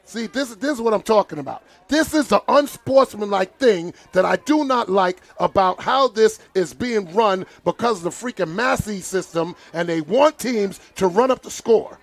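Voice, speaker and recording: A man's voice: high voice, expressive, normal speed, vocal fry, few pauses. A man calling a live football game as commentator, getting worked up and indignant as he talks to the field. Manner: exasperated, indignant, talks to the players. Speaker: play-by-play commentator.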